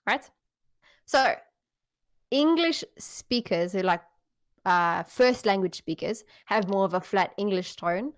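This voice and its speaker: A woman from South Africa with a South African accent, co-hosting a podcast in casual, chatty talk and laughing often. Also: mid-range voice. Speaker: podcast co-host. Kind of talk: casual chat.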